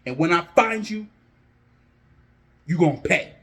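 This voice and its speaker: A man acting out a young male wrestler who has been betrayed and is furious, shouting accusations and threats as he retells a storyline. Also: sits high, lively intonation, unhurried, heavily acted. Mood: vengeful. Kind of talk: acted-out fan storytelling.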